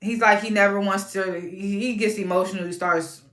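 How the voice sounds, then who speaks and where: A woman giving a casual, outspoken recap of a reality TV episode, animated and prone to sudden high-pitched exclamations. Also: moderate pace, roomy sound. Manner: informal and outspoken.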